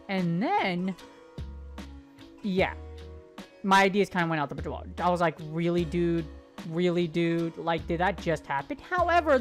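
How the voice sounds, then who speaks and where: A woman giving casual gameplay commentary, excitable and joking, swearing casually as she talks through her matches. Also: medium pitch. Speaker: gaming commentator.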